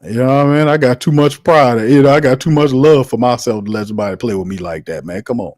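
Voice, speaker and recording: A man hosts a sports talk livestream in an exasperated, heated rant. He keeps saying "man" and "fam" and often laughs as he talks back to his chat. His voice sits at a middle pitch, recorded dry with no room sound. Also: fast, a little mellow, no room sound. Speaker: sports talk show host.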